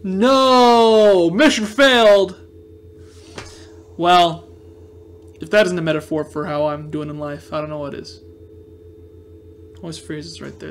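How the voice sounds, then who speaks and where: A young man giving casual let's play commentary, excitable and self-mocking, yelping and groaning at every shot. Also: fairly high pitch. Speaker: gaming video host.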